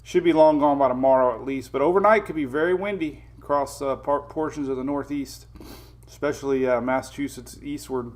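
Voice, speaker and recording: A man's voice: mid-range voice, brisk, darkish tone. A middle-aged man hosting a casual morning weather livestream, chatting with viewers, greeting them by name and chuckling often.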